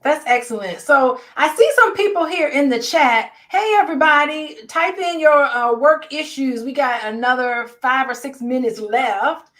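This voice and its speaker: A woman hosting a live-streamed therapist panel, lively and reading viewer comments aloud. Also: high-pitched, moderate pace, few pauses. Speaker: host.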